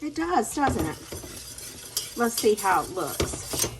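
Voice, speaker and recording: A woman with a slightly high, sing-song voice speaks very slowly as she hosts a casual cooking vlog from her home kitchen. She chats directly to her viewers in a self-deprecating way. Pots, pans and whisking come through clearly in the background.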